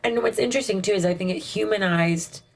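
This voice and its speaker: A woman co-hosting a casual TV recap chat, talking in an animated way and driving her points home by repeating them. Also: mid-range voice, fast talker, vocal fry. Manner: animated, emphatic repetition. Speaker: co-host.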